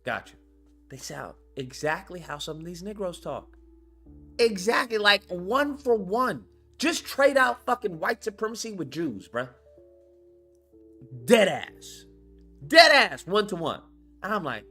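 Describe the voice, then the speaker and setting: A man delivers a blunt, profane commentary rant on his channel. His pitch swings widely as he pushes his points. The tone is bright, and faint music plays under him. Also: sing-song, a little slow, long pauses. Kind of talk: ranting commentary monologue.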